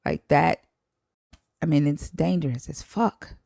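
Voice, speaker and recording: Low-voiced woman hosting a live stream. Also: expressive, unhurried, gravelly, dark tone, no room sound, studio quality. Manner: blunt, frank, with restarts. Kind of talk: casual live stream chat.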